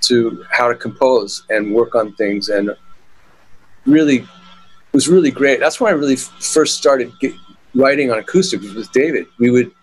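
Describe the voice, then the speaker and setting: The speaker is a middle-aged man, a guitarist, spinning stories in a relaxed interview with lots of fillers and restarts. He talks at normal speed with a medium pitch and a breathy edge, though the audio is poor.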